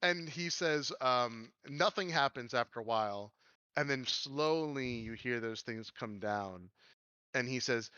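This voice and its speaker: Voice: mid-range voice, unhurried, bright, forceful tone, clear, resonant tone, no room sound, lo-fi sound. A game master narrating a tabletop game in a rambling, filler-heavy way.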